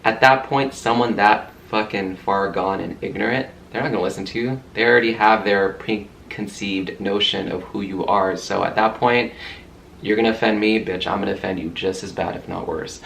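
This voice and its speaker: A man's voice: lowish voice, fairly even intonation, moderate pace, creaky, fairly bright tone, a little hiss or hum. A man vlogger telling a story to camera in a heated, profane way.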